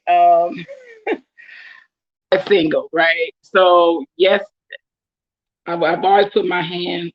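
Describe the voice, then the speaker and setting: A young woman from Oakland, California, with a Bay Area accent, speaks in a lowish voice, and the recording has its highs cut off. She chats casually to camera while answering follower questions, laughing often and saying um a lot.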